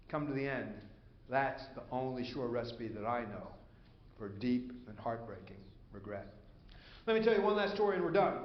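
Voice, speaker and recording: Storytelling pastor in an echoey church. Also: male voice, fairly high pitch, highs cut off, slight background noise. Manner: storytelling, acts out quoted voices, conversational asides. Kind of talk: sermon.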